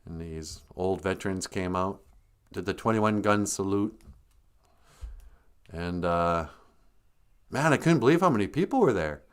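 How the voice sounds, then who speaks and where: A man's voice: sits low, animated, measured pace, long pauses, smooth. An older man hosting a casual livestream, greeting viewers and telling joking stories with frequent chuckles. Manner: joking, storytelling, chuckles often. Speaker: livestream host.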